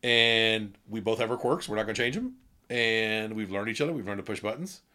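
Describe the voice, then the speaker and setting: Man, forties, podcast guest, quick rambling talk, lowish voice, blunt and candid. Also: lively intonation, pushed and bright. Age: 40s. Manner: rambling, many restarts and asides. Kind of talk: casual conversation.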